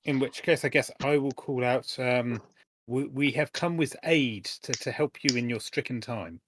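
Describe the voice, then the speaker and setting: A man's voice: medium pitch, normal speed, background noise. A man playing a tabletop game, hesitant and polite in casual chat. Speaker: player.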